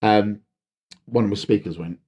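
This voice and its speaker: A man's voice: fairly low pitch, breathy edge. A man, a wedding DJ, telling stories in casual podcast chat, with lots of fillers and restarts. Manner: animated storyteller, halting fillers and restarts.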